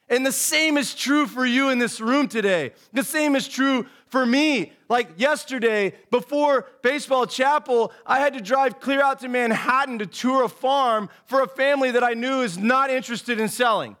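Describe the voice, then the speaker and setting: A man's voice: very high voice, normal speed, few pauses. A man in his thirties, an associate pastor giving a casual, earnest sermon full of folksy stories, saying "man" over and over. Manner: folksy storytelling, says "man" and "dude" constantly; animated and earnest.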